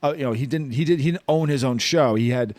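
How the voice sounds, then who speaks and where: Casting: male podcast host, mid pitch, loose rambling delivery, dry close mic. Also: fast, darkish tone, no echo. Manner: rambling, restarts often, quotes comedians. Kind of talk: casual chat.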